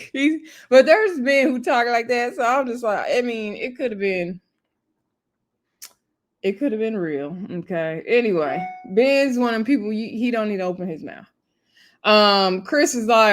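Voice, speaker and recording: A woman's voice: mid-range voice, a bit bright. Laid-back woman recapping a reality show. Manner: laid-back, laughing asides, frequent fillers. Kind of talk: casual chatty episode recap.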